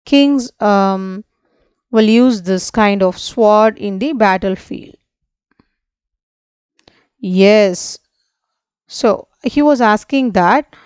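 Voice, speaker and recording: A woman teacher with an Indian English accent works through a story for a class, retelling each line in simple English. She speaks slowly and with a crisp, clear voice. The sound is dry and close. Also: medium pitch, a little mellow, dry recording.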